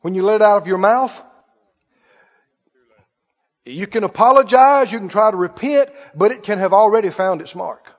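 A man's voice: high-pitched, brisk. A man preaching a sermon as pastor, talking conversationally and quizzing his congregation with questions. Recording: muffled, reverberant hall.

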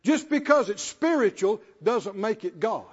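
Expressive and unhurried, this pastor's high, slightly rough voice drives home his sermon through repeated phrases and questions aimed at the congregation. Long hall reverb fills the dull, lo-fi church recording.

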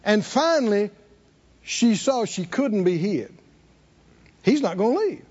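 A man preaches in a church, pulling answers from his congregation. His voice sits high and swoops all over the place. The recording is muffled and dull. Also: slow pace, husky. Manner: animated call-and-response preaching. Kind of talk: sermon. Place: church sanctuary.

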